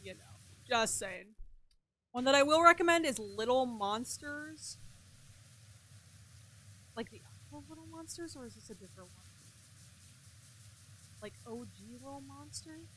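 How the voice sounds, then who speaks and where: A woman's voice: sits high, lively intonation, a little slow, long pauses, bright, forceful tone, breathy edge. A young woman streaming a game and chatting casually, talking freely, swearing, and answering her chat. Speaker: gaming streamer.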